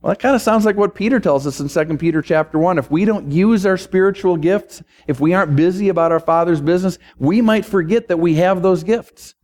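A man's voice: high-pitched, a little fast, few pauses, darkish tone. A male pastor delivering a sermon and prayer, building emphatic, repetitive rhetorical runs.

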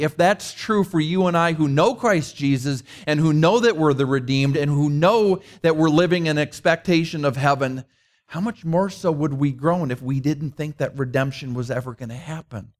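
A middle-aged man preaching a conversational sermon, mixing rhetorical questions with personal stories. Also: on the high side. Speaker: pastor.

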